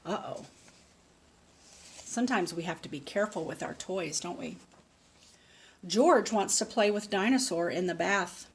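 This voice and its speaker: A woman reading a picture book aloud slowly and patiently, stopping to ask a child questions. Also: lowish voice, breathy edge. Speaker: speech therapist.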